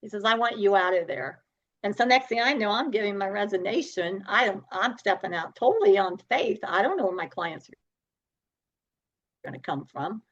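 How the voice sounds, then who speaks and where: Middle-aged woman guest, storyteller who acts out dialogue, mid pitch, muffled recording. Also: normal speed. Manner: animated, acts out dialogue, laughs often. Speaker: podcast guest. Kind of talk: storytelling interview.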